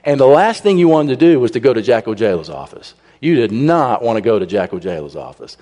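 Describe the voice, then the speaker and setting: A man telling a humorous personal story to a congregation, animated and acting out the people he quotes. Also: mid-range voice, a little fast. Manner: animated, raises his voice when he quotes people. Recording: long reverb in a large hall.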